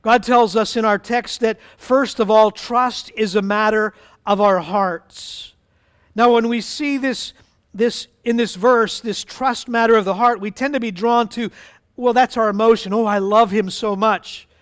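High smooth-voiced man preaching. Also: fairly even intonation, measured pace. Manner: conversational preaching with asides and acted-out voices. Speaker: pastor. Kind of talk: sermon.

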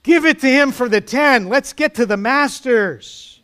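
A man voicing an impatient bidder who shouts angrily at an auction. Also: very high voice, a little slow, clear, resonant tone, pitched above the performer's own voice, full character voice. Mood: angry. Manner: shouting, demanding. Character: angry impatient male bidder in a crowd.

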